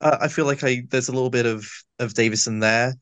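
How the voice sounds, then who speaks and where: A man with a slight lisp talks in a casual interview, unfolding long and detailed explanations. His voice sits at an ordinary middle pitch. The recording is close and dry, with no room sound. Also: steady tone, fast, a bit bright, no room sound. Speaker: audio drama actor, guest.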